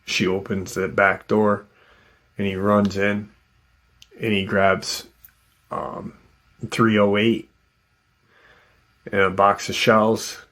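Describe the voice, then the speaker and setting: A man narrates a tense story in an easygoing, unscripted way, leaning on "um" and "you know" as he goes. His voice sits on the low side, and he takes his time, letting the words come out slowly. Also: flat delivery, fairly bright tone. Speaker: channel host retelling an encounter.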